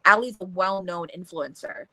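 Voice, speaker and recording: A woman co-hosting a casual book discussion, talking in an animated way, swearing freely and acting out scenes in quotes. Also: lowish voice, moderate pace, no echo. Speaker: book club co-host.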